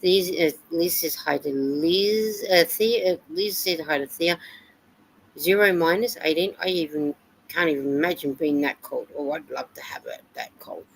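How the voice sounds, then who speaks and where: A woman's voice: deep voice, moderate pace, a little hiss or hum, low-quality recording. An Australian woman hosting a live stream, chatting casually and reading out viewer comments and weather reports. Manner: chatty, reads comments and weather aloud with fillers.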